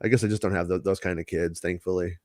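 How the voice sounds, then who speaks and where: A man's voice: sits low, fairly even intonation, quick pace, darkish tone, no echo, studio quality. A man co-hosting a podcast, talking in a rambling, jokey way and often restarting his sentences. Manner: rambling, self-interrupting, jokey. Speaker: podcast co-host. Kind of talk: casual podcast banter.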